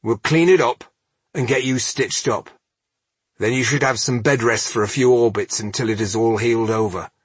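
A man's voice: medium pitch, normal speed, slightly rough, no echo, natural voice. A man voicing a stern male dwarf who gives firm orders and cold threats in an audiobook.

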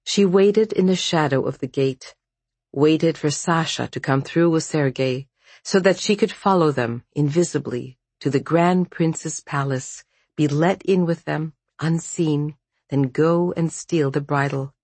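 An audiobook narrator reading a dark fantasy novel in measured, even storytelling. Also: medium pitch, husky, dry recording. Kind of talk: scripted narration.

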